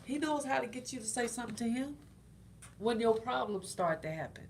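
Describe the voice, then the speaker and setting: Talking to her channel's viewers about faith, this middle-aged host is conversational and encouraging, circling back to the same phrases. Her pitch is fairly high and expressive, her pace fairly quick, her tone a little mellow. Some faint background noise is present.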